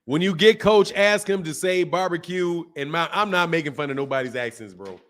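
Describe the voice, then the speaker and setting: Reading out viewer questions on his boxing channel's live stream, a middle-aged host keeps the talk loose and full of slang. His voice is a little high with a fairly bright tone, and he speaks fairly fast.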